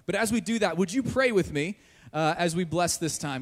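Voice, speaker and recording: Animated young pastor, high voice, church hall. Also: male voice, moderate pace. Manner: jokey, animated storyteller. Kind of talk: sermon with personal story.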